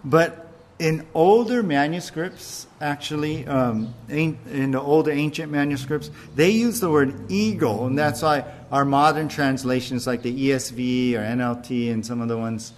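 A man preaching a sermon in a casual, conversational way, slowing down to stress key points. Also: mid-range voice. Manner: conversational preaching with fillers and restarts, slowing for emphasis. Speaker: pastor.

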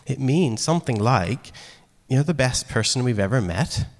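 A man preaching a sermon in a casual, animated way, acting out quoted lines. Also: mid-range voice, moderate pace. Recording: long hall reverb.

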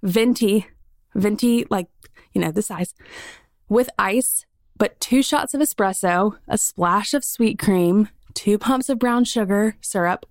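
In a dry recording, a podcast host with a medium-pitched voice and a Southern US accent talks alone into a studio microphone. Her solo chat is casual and bubbly, full of fillers.

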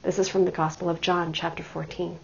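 A woman's voice: on the low side, flat delivery, a little fast, gravelly, husky, muffled recording. A middle-aged woman preaching a sermon, telling personal stories with self-deprecating humor before turning to scripture. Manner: warm storytelling with self-deprecating humor and laughter.

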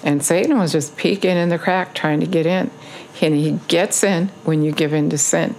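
A woman delivers an informal video sermon, her voice sitting low with a gravelly fry. She presses her points with earnest repetition and often pauses on an um. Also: darkish tone, a little hiss or hum. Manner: earnest, repetitive exhortation with frequent ums. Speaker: online preacher.

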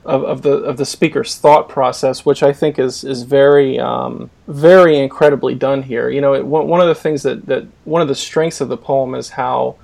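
A man's voice: mid-range voice, steady tone, moderate pace, vocal fry, few pauses, darkish tone. A man hosting a poetry podcast over a call, talking in a hesitant way with many fillers. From Boston area. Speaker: podcast host. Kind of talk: casual discussion, video call.

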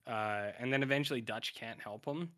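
A man's voice: mid-range voice, normal speed, fairly bright tone. A man co-hosting a podcast, recapping a TV episode in casual chat, rambling and full of filler. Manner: rambling, acts out characters' lines in quotes. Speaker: podcast co-host.

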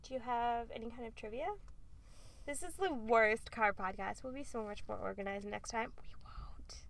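A woman's voice: fairly high pitch, normal speed, vocal fry, a bit bright. A woman co-hosting a podcast, chatting and teasing with frequent laughter inside a parked car. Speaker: podcast co-host. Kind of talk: casual chat.

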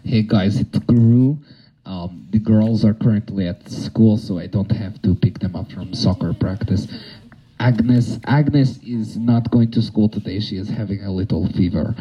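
A man's voice: fairly low pitch, unhurried, dark tone, breathy edge, highs cut off. A man voicing a cartoon supervillain dad who minds his daughters in a fatherly, scolding way.

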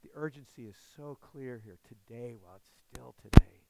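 A man's voice: medium pitch, moderate pace, heavy background noise. A man preaching a sermon as pastor, earnest and often asking his listeners questions.

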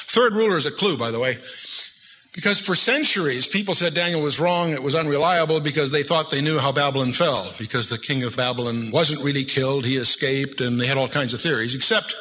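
A man's voice: mid-range voice, brisk, pushed and bright. Man, Bible teacher, folksy joking asides, long hall reverb, faint background hum. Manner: folksy, joking asides between scripture readings.

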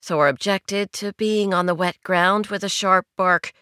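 A woman narrating a novel in a measured, wry storytelling manner, recorded on a studio mic. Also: medium pitch, fairly even intonation, sharp tone, smooth, dry recording. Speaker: audiobook narrator. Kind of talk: scripted narration.

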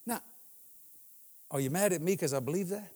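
A man's voice: sits high, normal speed, a little mellow, big-room sound. A man in his sixties preaching as a guest in a church, telling humorous stories and laughing often. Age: 60s. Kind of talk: sermon.

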